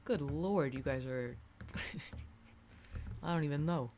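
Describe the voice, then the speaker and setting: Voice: mid-range voice, slow, darkish tone, slight background noise. A streamer giving playful, joking commentary on a live-streamed game, reading the dialogue aloud and laughing often, on a desk mic.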